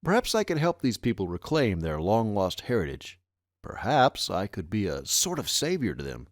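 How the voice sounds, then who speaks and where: Low-voiced man narrating an audiobook. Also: moderate pace, no room sound, studio quality. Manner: expressive storytelling delivery. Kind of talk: first-person audiobook narration.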